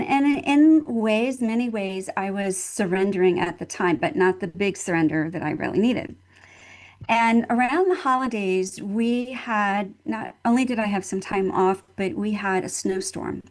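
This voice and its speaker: An older woman, a nurse and guest speaker, telling a personal story in an interview in an earnest, heartfelt way, leaning on repeated phrases for emphasis. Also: medium pitch. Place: at home in Texas.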